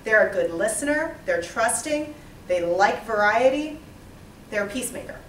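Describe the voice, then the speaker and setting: A woman leading a small interactive training session, lively and quizzing the group. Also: fairly high pitch, normal speed, slight background noise. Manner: lively, asks the group questions, acts out types. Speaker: workshop trainer. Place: small training room with a few participants. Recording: echoey room, mic far off.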